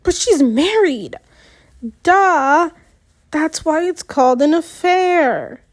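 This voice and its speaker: A woman voicing a sharp-tongued, mocking teenage girl. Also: high-pitched, very animated, slow, voice pushed up, full character voice. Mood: huffy. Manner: mocking, huffy, loud.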